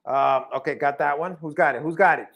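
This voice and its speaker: A man hosting a podcast, chatting casually in excitable, playful banter full of slang. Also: a little high, fairly quick. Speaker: podcast host. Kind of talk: casual chat.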